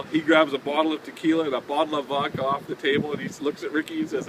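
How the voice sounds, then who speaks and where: A man's voice: on the high side, fairly even intonation, fast, few pauses. A man from a touring band telling a casual anecdote in a chatty way, laughing and using fillers. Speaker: touring band member telling a tour story. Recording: windy outdoor noise.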